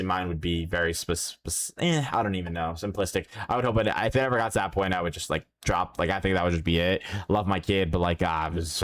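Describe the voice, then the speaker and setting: Young male streamer, low voice, rambling casual banter with fillers. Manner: rambling, heavy filler words, animated voice impressions. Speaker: reaction streamer. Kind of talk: casual chat.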